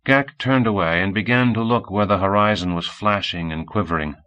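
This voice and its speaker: A man reading an audiobook in a measured storytelling manner. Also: fairly low pitch, fairly bright tone, smooth. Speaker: audiobook reader. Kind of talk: audiobook narration.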